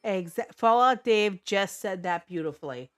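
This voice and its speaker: A woman's voice: mid-range voice, lively intonation, normal speed, clear, resonant tone. A woman streaming a game live, talking blunt and unfiltered to her chat and swearing freely.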